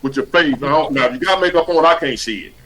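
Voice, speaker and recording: On a rough recording, a man with a fairly high, bright voice talks fast while hosting a livestream over a video call. His style is preachy and blunt, full of casual slang and frequent swearing.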